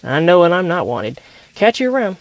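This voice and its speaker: Brief: upbeat stepdad in a storybook, loud, high and hearty, voiced by a man. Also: very animated, normal speed. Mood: friendly. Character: friendly stepfather, easygoing and warm.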